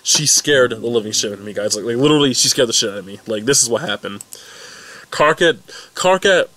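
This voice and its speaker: A young man casually recapping and reacting to a webcomic update, rambling and excitable with many restarts. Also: medium pitch, brisk. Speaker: fan recap vlogger.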